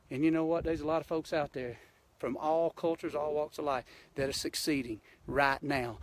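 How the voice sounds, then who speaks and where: On a handheld-phone live stream from a mountain, a Georgia hunting show host with a Southern accent rants in a blunt, folksy, impassioned way. His voice is fairly high, and there's a little hiss or hum.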